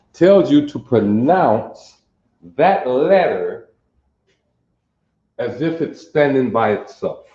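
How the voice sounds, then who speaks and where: A Detroit-accented man teaches in a slow, unhurried way, often repeating himself and asking if the class is still with him. His voice is low and mellow. The sound is dull and echoes around the classroom. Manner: repeats phrases, checks in with the class. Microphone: camera mic, sometimes far away. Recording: echoey dull room recording.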